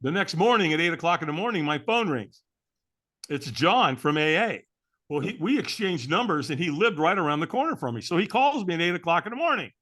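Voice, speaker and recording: A man's voice: fairly high pitch, big pitch swings, a little fast, fairly bright tone. A man telling a personal story as an interview guest, in a candid, earnest way, often adding "man".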